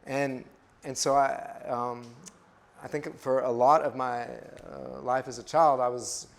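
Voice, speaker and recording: A man's voice: mid-range voice, steady tone, slow pace, gravelly. A man in his fifties from West Texas, a missionary telling his own life story in a sermon, with many fillers and restarts. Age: 50s. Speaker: missionary speaker. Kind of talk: personal testimony in a sermon.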